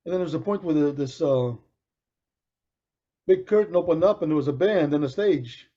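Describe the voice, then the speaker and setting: A man's voice: fairly high pitch, normal speed. A middle-aged man and podcast co-host telling a long anecdote in casual chat, acting out the voices of the people in it. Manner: animated storyteller acting out quoted voices, with frequent restarts. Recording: dull lo-fi podcast recording.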